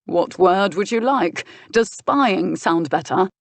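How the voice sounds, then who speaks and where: A steady older gentleman speaks firmly and with measured control, sometimes with a dry mocking edge. A woman reads him in a low voice. The recording is close and dry. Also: gravelly, dry recording, exaggerated voice. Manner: firm, measured, dryly mocking. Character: older uncle and guardian, firm, steady boxer. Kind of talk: audiobook character voice.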